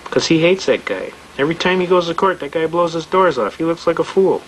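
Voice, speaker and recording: A man giving a fast, anecdotal talk, acting out dialogue from his stories. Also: a little high, animated, a little hiss or hum, poor audio. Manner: fast-talking storyteller, acts out dialogue. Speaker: speaker on legal rights. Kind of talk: anecdotal lecture.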